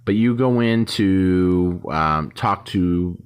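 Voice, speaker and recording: Give me a man with a deep voice talking casually to his viewers, loose and rambling. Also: slow pace, clean tone. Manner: rambling, conversational, acts out little quoted exchanges. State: yawning, tired. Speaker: YouTube host. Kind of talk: casual talk to camera.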